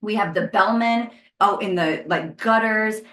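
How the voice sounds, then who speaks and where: A woman co-hosting a podcast who tells stories in an animated way, jumping up high when she replays her own panic. Her voice sits in a middle range. The room around her is noticeably echoey. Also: measured pace. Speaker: podcast co-host. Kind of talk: casual storytelling chat.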